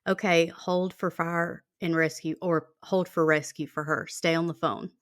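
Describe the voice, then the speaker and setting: Low-voiced woman hosting a true-crime podcast. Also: little pitch movement, unhurried, dry recording, clean studio sound. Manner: reads out a call transcript in a plain conversational way, with many fillers. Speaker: podcast host.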